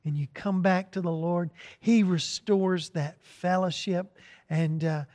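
A male pastor with a fairly high voice delivers an earnest sermon. He sometimes sinks into a soft, contrite tone when voicing a prayer. His words ring out with the long reverb of a large church hall. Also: steady tone, slow pace. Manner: earnest, acts out prayers in a hushed, broken voice.

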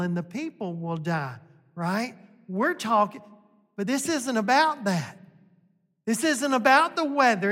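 A pastor from delivers a sermon at a slow, deliberate pace. The manner is folksy and emphatic, hammering points home through repetition. The voice carries a long reverb, as if it is filling a big church sanctuary. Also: mid-range voice, a bit bright. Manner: emphatic and folksy, repeats points, often asks "right?".

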